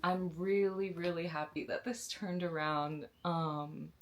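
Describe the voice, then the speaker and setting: A woman's voice: on the low side, slow pace. Gushing young woman book vlogger. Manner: gushing, excitable, slangy. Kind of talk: casual reading vlog. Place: sister's bedroom, indoors.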